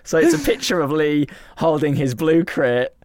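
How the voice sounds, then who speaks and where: A man's voice: on the high side, big pitch swings, moderate pace, very noisy. Playful man teasing his co-host. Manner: playful teasing, laughs often. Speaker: podcast co-host. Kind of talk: casual chat.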